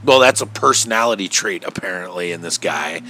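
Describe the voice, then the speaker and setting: A man's voice: deep voice, animated, a little fast, pushed and bright, slight background noise. A man co-hosting a podcast, chatting casually and animatedly, acting out quotes and swearing freely. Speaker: podcast co-host. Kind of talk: casual chat.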